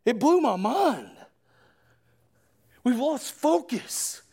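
A man preaching a sermon in a church, impassioned, rising to shouts and then dropping low and earnest. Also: big pitch swings, extremely slow, creaky, slightly rough. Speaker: pastor.

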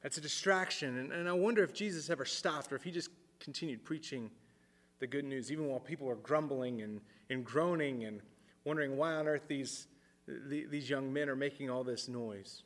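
A man's voice: brisk, a bit bright. Earnest preacher man in a reverberant hall. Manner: earnest, repeats words as he thinks aloud, drops low for emphasis. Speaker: pastor. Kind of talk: sermon.

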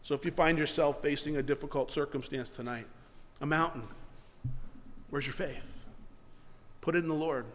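A man preaching a sermon, earnest, swinging between loud emphasis and quiet, soft passages, closing in prayer. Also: on the high side, steady tone, normal speed, long pauses, big-room sound. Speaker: pastor.

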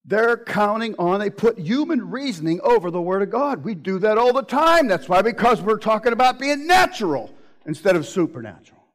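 A man preaching a sermon with animated delivery, acting out the voices he quotes. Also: sits high, brisk, low-quality recording.

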